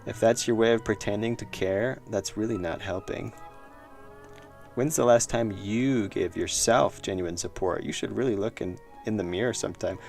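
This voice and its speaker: A man's voice: fairly low pitch, moderate pace, vocal fry, a little mellow, faint music behind. A man reading out the lines of a sneering mirror reflection of a young woman, in a mocking, scolding tone.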